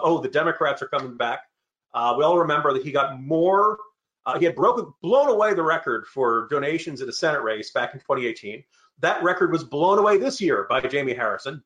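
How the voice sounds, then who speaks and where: A man's voice: on the high side, fairly bright tone. A middle-aged man speaking as a panelist in a political discussion, with sardonic asides.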